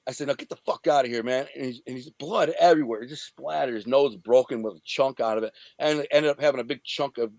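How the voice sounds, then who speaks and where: A man's voice: mid-range voice, fast talker, creaky, few pauses, a little mellow, no room sound. A man from the Detroit area, an interview guest telling a story in profane street slang and acting out the scenes. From Detroit area, USA. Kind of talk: casual storytelling.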